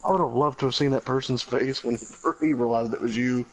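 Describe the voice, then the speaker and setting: A man's voice: medium pitch, fairly even intonation, a little fast, a crowd in the background, rough recording. A man chatting on a gaming stream, giving laid-back reactions.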